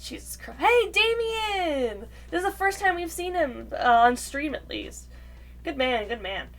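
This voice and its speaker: Brief: young woman streamer, high bright voice, bouncy animated chatter. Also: unhurried, faint music behind. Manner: excitable, laughing, chatty. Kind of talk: casual game commentary.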